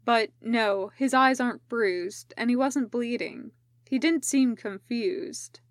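A calm male ninja, read by a woman speaks in a flat, dry, unhurried way. The delivery is slow and the sound is close and dry. Her voice is a little high for a man's part. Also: no echo. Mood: deadpan.

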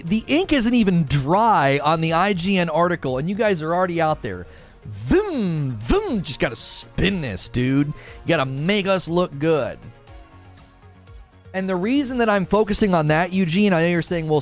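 An indignant man ranting through a live stream, sarcastic and worked up. His voice sits fairly high and swings widely in pitch as he mocks and protests. Faint music plays behind him. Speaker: streamer commenting on industry news. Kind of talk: heated live-stream commentary.

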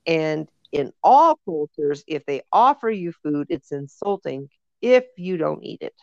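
A woman's voice: sits low, very animated, unhurried, vocal fry, no echo. A woman co-hosting a podcast, telling rambling stories in casual chat with lots of fillers. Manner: rambling storyteller, many fillers. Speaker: podcast co-host. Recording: dull lo-fi dry recording.

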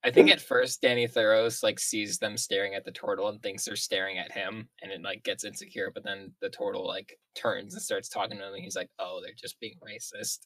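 Deadpan low-voiced man player. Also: fairly quick, hardly any pauses, dry recording. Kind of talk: casual banter at a tabletop game.

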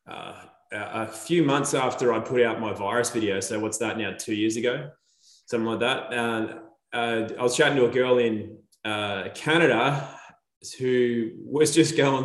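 A man's voice: mid-range voice, reverberant. A man chatting casually as a podcast guest, telling a story and acting out the dialogue in it. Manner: animated storyteller, acts out quoted dialogue. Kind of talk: casual chat.

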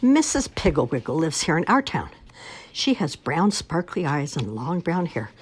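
Low lively woman reading a kids story aloud, sing-song and expressive, goes up and down a lot. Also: slightly rough. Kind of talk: children's story read-aloud.

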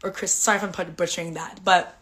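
A woman's voice: lowish voice, steady tone, quick pace, sharp tone. Woman podcast host, candid and emotional, talks in a chatty flow full of fillers. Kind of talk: personal storytelling monologue.

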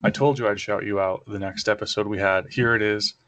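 A man's voice: lowish voice, fairly even intonation, a little fast, a bit bright. A man co-hosting a podcast, chatting casually with dry, teasing remarks. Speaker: podcast co-host.

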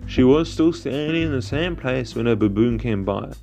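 A man's voice: medium pitch, lively intonation, moderate pace, vocal fry. A man reading an old folk tale aloud as the host of a storytelling show, with small slips as he goes. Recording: dull lo-fi recording with faint guitar.

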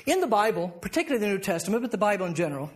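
A man's voice: sits high, sing-song, very fast. A middle-aged male pastor teaching a Bible class, reading verses aloud and prompting the class with questions that he then answers himself.

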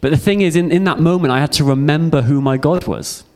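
A man's voice: fairly high pitch, quick pace, darkish tone, soft background music. Earnest young man preaching. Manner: earnest and heartfelt, with repeated phrases. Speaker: youth speaker. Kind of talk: personal testimony sermon.

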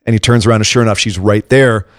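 A man's voice: lowish voice, fast talker, dry recording, studio quality. A man co-hosting a casual chat, retelling events with energy and acting out what people said. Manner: animated, acts out quotes while retelling. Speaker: podcast co-host. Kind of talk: casual chat recapping wrestling.

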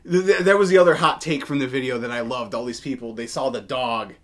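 This wrestling news podcast co-host is a man who talks fast at medium pitch. His casual, hesitant speech is full of fillers and restarts.

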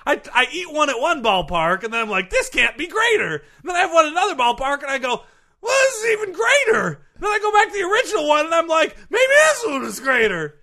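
A man doing a comedy impression of a relentlessly cheerful young baseball star who shouts his enthusiasm about everything. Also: very high voice, big pitch swings, fast talker, full character voice. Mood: upbeat. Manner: shouty, over-enthusiastic, always upbeat.

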